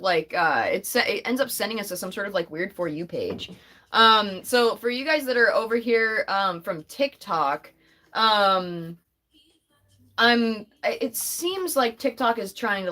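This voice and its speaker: A young woman hosts a relaxed livestream and talks in a loose, chatty way. She laughs often and keeps answering comments from her chat. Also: mid-range voice. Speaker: livestream host.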